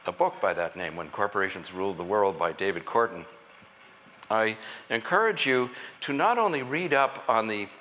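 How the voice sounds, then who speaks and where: A man addresses a conference audience in a college hall. His voice is bright and clear, with a faint hiss of room noise behind it. He speaks earnestly and deliberately, leaning on key phrases. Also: mid-range voice. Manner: earnest and deliberate, with measured emphasis. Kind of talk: public lecture.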